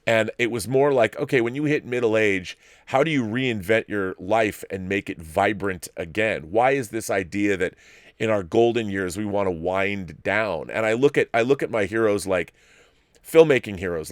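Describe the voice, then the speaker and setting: A man's voice: lowish voice, moderate pace, no room sound, clean studio sound. A man in his fifties hosting a live-stream show, chatting in a rambling way with many restarts. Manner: baby-talk voice to dogs. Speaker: host.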